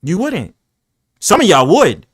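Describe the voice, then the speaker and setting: A man hosting a casual live-stream panel chat, talking in a brash, profane, animated way full of boastful trash talk. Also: sits high, unhurried, breathy edge, dry recording. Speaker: livestream panel host.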